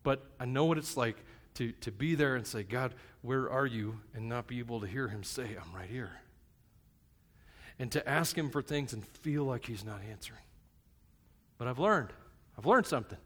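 A man preaching a sermon at a church service. He speaks in a plain, conversational, joking way, dropping to a hush one moment and shouting the next. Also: medium pitch, lively intonation, fairly quick. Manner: self-described plain and a bit crass. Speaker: pastor. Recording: long hall reverb.

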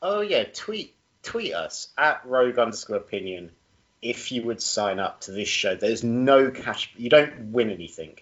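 A laid-back man co-hosts a podcast, his pitch swinging up and down as he chats. The mic sounds dull and lo-fi. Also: big pitch swings, measured pace, fairly bright tone. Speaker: podcast co-host. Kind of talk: casual chat.

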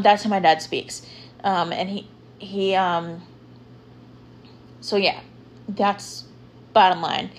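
A young woman hosting a podcast, talking casually and rambling with lots of filler words. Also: mid-range voice. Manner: chatty, rambling, lots of ums and likes. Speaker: podcast host. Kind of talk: casual solo podcast talk.

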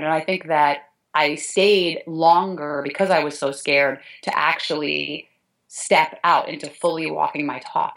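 Low-voiced earnest middle-aged woman. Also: fairly bright tone, poor audio. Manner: earnest, tearful at moments, restarts often. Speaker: guest, dance teacher. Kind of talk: emotional interview talk.

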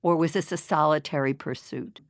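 A woman's voice: deep voice, moderate pace, dry recording, studio quality. A woman interviewing her guest, asking probing, conversational questions.

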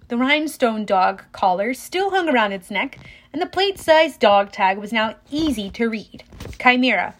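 A woman reading a first-person adventure novel aloud in an expressive, dramatic way. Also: a little high. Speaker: audiobook reader.

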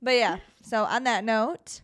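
A woman's voice: a little high, a little slow, fairly bright tone. A young woman co-hosting a podcast in casual chat, upbeat and teasing, with casual swearing. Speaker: podcast co-host.

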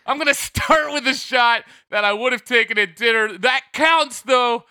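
A man with a high, bright voice riffs jokes on a casual podcast. His tone is smooth and crisp, recorded close and dry, and he breaks into laughter often. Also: moderate pace, no room sound. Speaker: podcast co-host. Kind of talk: casual comedic chat.

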